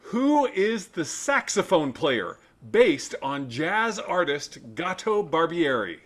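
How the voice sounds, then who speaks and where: A man hosting a trivia quiz with the guests, playful and quick to laugh at his own jokes. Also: fairly high pitch, sing-song. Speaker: quiz host. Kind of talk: game show hosting over video call.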